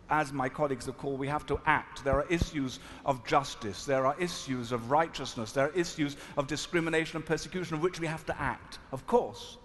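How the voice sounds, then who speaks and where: A man from South Africa, a rabbi, telling a story at a panel in an earnest, reflective, halting manner. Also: on the high side, a bit bright. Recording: echoey hall, faint noise.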